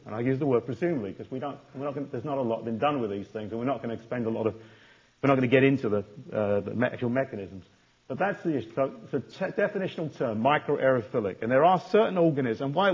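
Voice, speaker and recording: Man lecturing, husky voice, lo-fi sound. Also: mid-range voice. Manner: repeats and restarts words, stresses key terms. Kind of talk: university lecture. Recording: dull lo-fi lecture recording.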